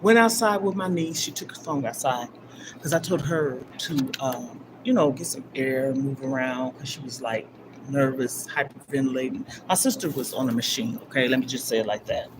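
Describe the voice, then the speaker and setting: An older woman hosts a livestream from a gym, rambling emotionally in a very deep voice at normal speed. She's emphatic, swinging from loud bursts down to near-whispers, and background noise is clearly audible.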